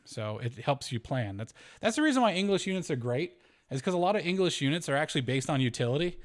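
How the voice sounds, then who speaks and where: A man's voice: sing-song, quick pace. Man thinking aloud over a spreadsheet. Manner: thinks aloud, self-correcting, chuckling, pitch swinging up and down. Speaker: homesteading channel host. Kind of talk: casual spreadsheet walkthrough.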